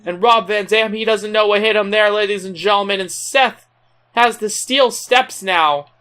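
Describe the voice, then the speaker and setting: A video game commentator doing excitable play-by-play of a wrestling match, playing the big announcer and slipping into casual, laughing asides. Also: medium pitch, moderate pace, smooth. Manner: excitable announcer, keeps repeating "ladies and gentlemen".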